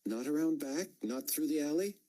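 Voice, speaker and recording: A male audiobook narrator voicing a determined young woman undercover, asking calm, probing questions. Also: on the high side, moderate pace, pitched above the performer's own voice, natural voice.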